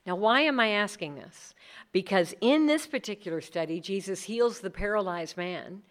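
A middle-aged woman leading a workshop session, talking in a conversational, animated way and acting out other people's words. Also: mid-range voice, moderate pace. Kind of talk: conference talk.

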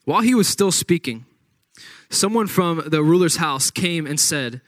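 A man's voice: a little high, animated, moderate pace, dry recording. A man preaching a sermon, reading scripture aloud and retelling the story with dramatic acted-out quotes. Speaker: pastor.

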